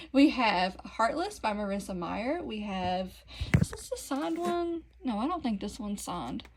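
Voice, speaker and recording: A woman's voice: on the high side, sing-song, a little slow, a little hiss or hum, poor audio. Chatty Southern woman touring her bookshelf. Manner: chatty, self-deprecating, giggly asides to viewers. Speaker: book vlogger. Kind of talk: casual bookshelf tour. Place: bedroom at home. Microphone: phone camera.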